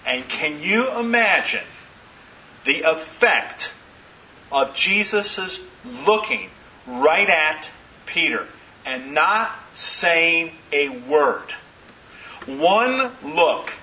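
A man's voice: fairly high pitch, sharp tone, far from the mic, slight background noise, rough recording. A man preaching a sermon, retelling scripture with dramatic, emphatic repetition.

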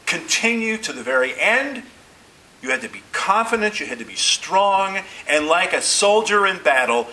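Bright-voiced male pastor preaching. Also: fairly high pitch, rough recording. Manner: deliberate preaching with emphatic pauses and rising stresses. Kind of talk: sermon. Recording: faint hiss.

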